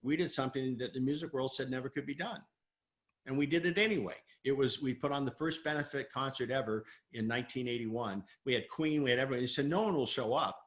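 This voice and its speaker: A middle-aged man tells a story as a guest on an interview show, his voice bright and his pitch swinging up as he acts out the people he quotes. He laughs often and talks in a lively way. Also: fast. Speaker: guest, performance coach.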